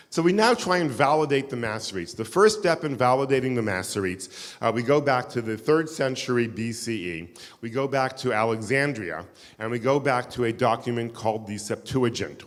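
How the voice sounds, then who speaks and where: A man giving a live keynote lecture to an audience, engaging and quizzing the room with wry asides. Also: mid-range voice. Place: synagogue hall with live audience. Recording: long hall reverb.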